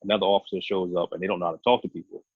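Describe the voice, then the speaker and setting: Police officer, podcast co-host, deep husky voice, earnest rambling delivery, dry tinny phone-like sound. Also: male voice, flat delivery, very fast, no room sound. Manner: earnest, rambling explanations full of restarts. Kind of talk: casual podcast discussion.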